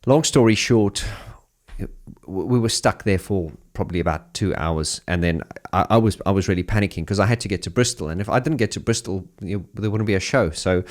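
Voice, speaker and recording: Deep-voiced Englishman telling a lively story. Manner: animated, chatty, laughs while telling. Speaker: keyboard player. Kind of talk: telling an anecdote.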